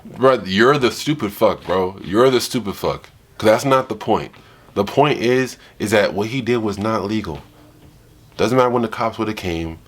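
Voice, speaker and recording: A man's voice: lowish voice, moderate pace. A man ranting in a heated, profane way while reacting to a clip with friends. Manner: animated, emphatic, swearing.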